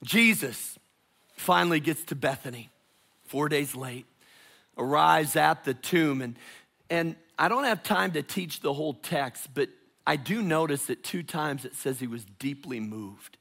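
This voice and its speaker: A man preaching a sermon as pastor, delivering it dramatically, dropping to hushed tones and rising to loud calls. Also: fairly high pitch, unhurried, creaky.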